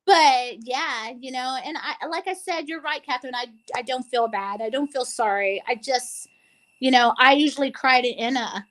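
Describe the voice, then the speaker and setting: A woman's voice: high-pitched, moderate pace, a bit bright, poor audio. A woman co-hosting a casual talk show, speaking earnestly and tearfully with many restarts. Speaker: co-host. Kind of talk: emotional casual chat.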